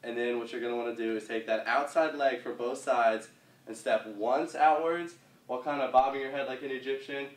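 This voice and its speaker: A man's voice: medium pitch, fairly quick. Young guy explaining dance moves, kinda laid back, sounds far from the mic, roomy. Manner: casual, walks through moves with fillers like "kinda". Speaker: dance instructor. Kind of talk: step-by-step dance instruction.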